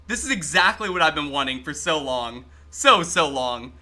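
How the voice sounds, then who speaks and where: A man streaming a game live, chatting excitably with his viewers and swearing freely as he plays. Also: on the high side, moderate pace. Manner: talks to chat while playing. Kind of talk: casual live-stream gaming commentary.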